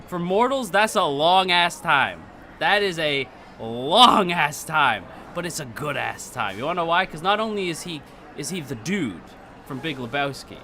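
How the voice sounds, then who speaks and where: An excitable man talks casually on a livestream, his pitch swinging widely. His tone is very bright and forward, and he keeps stopping and restarting his sentences. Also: slight background noise. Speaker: streamer.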